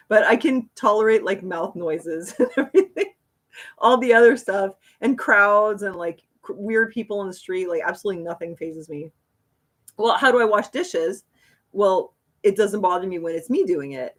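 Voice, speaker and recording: Woman chatting on her livestream, rambly, laughs a lot. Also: on the low side. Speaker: livestream host. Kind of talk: casual livestream chat.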